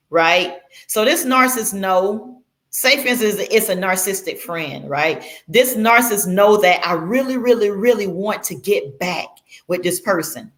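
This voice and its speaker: A woman's voice: mid-range voice, expressive, measured pace, a bit bright. Casual woman vlogger; conversational, rambling delivery with fillers and restarts. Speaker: Christian vlogger. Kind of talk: casual explanatory vlog.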